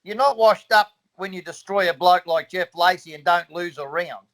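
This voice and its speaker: A man's voice: sits high, normal speed, fairly bright tone, low-quality recording. A man, a boxing trainer, speaking earnestly and emphatically in a casual chat and repeating his conviction.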